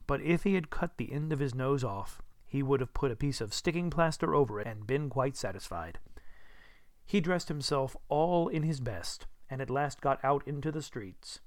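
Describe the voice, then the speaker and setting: In this scripted narration, a male audiobook narrator tells a classic tale with lively, storytelling expression. The recording is dry and studio-grade, with his medium-pitched voice keeping a moderate tempo.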